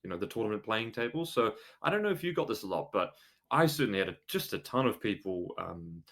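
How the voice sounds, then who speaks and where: A man hosting a podcast in casual chat, relaxed and hedging with fillers. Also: on the low side, fast. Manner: relaxed, hedging with "you know" and "um". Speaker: podcast host.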